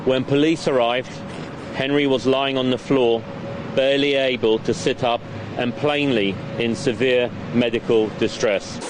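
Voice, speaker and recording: A man, a victim's parent, reading a prepared statement in a grave, measured voice. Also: mid-range voice, fairly even intonation. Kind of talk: prepared statement read aloud. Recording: street traffic noise behind. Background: clear traffic and street noise.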